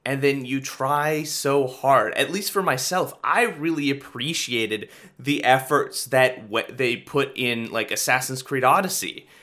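Male guest, bright forward tone, halting casual delivery. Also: mid-range voice. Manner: hesitant, trailing off. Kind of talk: casual chat.

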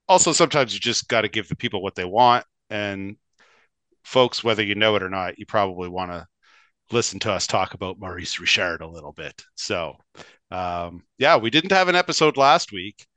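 Chatty low-voiced man, bright and crisp. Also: animated, moderate pace, dry recording. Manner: chatty, rambling, laughs often. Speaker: podcast co-host. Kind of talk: casual hockey podcast chat.

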